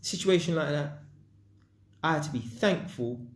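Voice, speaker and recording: A man's voice: on the high side, unhurried, echoey room. A man vlogging, telling a personal story in casual slang and acting out sound effects. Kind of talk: storytelling monologue.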